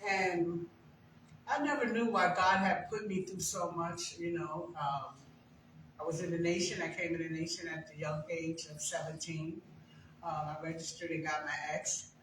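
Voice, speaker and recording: A woman's voice: lowish voice, steady tone, moderate pace, fairly bright tone, a little hiss or hum. An older woman giving a conversational personal testimony as a guest speaker, telling stories with emphasis. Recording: very echoey room, far from mic.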